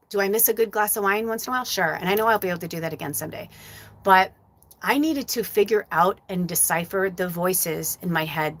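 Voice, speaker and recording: In a dry recording with no room sound, a lowish-voiced woman tells a personal story on a live show she hosts as a psychic medium. The delivery is profane, frank and animated, typical of casual livestream talk.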